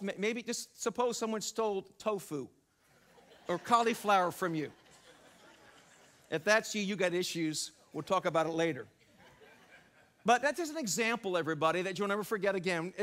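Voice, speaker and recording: A middle-aged man preaching a sermon in a church, telling stories in an animated way, exclaiming and repeating his phrases. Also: high voice. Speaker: pastor. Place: church sanctuary.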